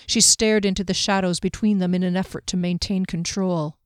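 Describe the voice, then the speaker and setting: Woman narrator for a fantasy novel, measured and expressive, dry close studio sound. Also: fairly low pitch, clear, resonant tone, dry recording. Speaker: audiobook narrator.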